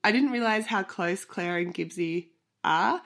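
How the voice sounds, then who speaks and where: A woman's voice: medium pitch, measured pace, fairly bright tone. A woman in her thirties who has a flu and sounds nasal, chatty and a little out of breath, rambling off on tangents as she hosts a book vlog. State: short of breath from pregnancy. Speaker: book vlogger host. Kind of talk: casual chat.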